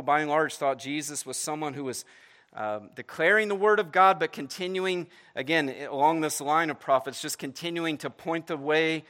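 A pastor with a rather high, sharp-toned voice preaches conversationally. He frequently restarts his phrases and checks in with listeners by asking "right?"

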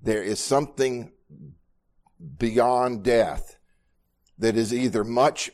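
A man's voice: medium pitch, measured pace, a little mellow. A middle-aged man, a pastor, teaching a Bible study sermon in an earnest way, often repeating words as he speaks.

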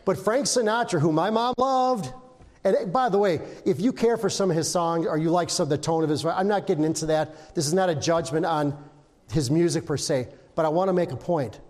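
A man's voice: fairly high pitch, a little fast, darkish tone, big-room sound. An older man preaching an informal sermon, chatting with the congregation, asking questions and breaking into little sung snippets. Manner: conversational, asks the congregation questions, hums and sings snippets. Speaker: pastor.

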